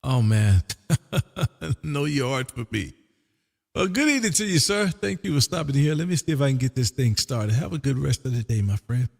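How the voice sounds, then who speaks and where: A man's voice: mid-range voice, lively intonation, moderate pace, vocal fry, big-room sound. A man running his ham radio station from Texas, chatting casually and repeating his call sign, with "man" dropped into nearly every line. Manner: drawling, repeats phrases, says "man" a lot. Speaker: ham radio operator and stream host. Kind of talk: casual on-air radio chat.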